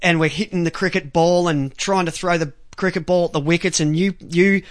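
A man's voice: sits high, fairly even intonation, fairly quick, no room sound. An Australian man hosting a talk radio show, rambling casually with lots of ums, restarts and swearing, close to the mic.

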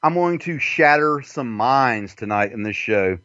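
Speaking unhurriedly at a medium pitch, this man hosts a podcast and rants in a profane, derisive monologue with lively delivery and constant cursing. The audio is lo-fi, with no room sound.

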